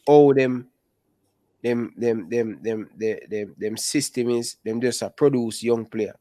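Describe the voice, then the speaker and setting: A young adult man with a Jamaican accent, chatting casually about football in animated patois. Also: mid-range voice, measured pace, no room sound. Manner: animated, speaks Jamaican patois and calls listeners brother. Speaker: football channel host. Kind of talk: casual chat.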